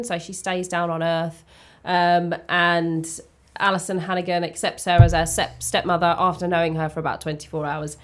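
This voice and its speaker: A woman, co-hosting a podcast in a casual, rambling way with frequent ums. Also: on the low side. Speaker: podcast co-host. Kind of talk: casual chat. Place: warm indoor room.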